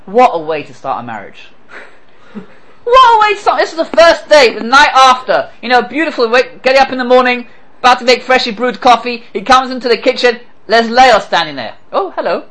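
A man's voice: very high-pitched, lively intonation, fairly quick, bright, forceful tone, rough recording. A man teaching a scripture class who asks rhetorical questions and quotes Hebrew verses before translating them. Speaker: Torah teacher. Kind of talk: lecture on scripture.

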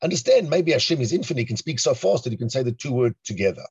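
A man teaching a Torah class in an animated, emphatic way, often asking rhetorical questions. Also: mid-range voice, racing, husky, dry recording. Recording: dull lo-fi recording.

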